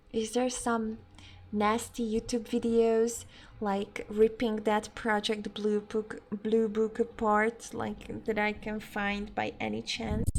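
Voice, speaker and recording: A woman's voice: on the high side, vocal fry, noisy background. Chatty young woman streamer, swearing freely. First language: not English. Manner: chatty, swears often, laughs easily. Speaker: game streamer. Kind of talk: casual live-stream chat.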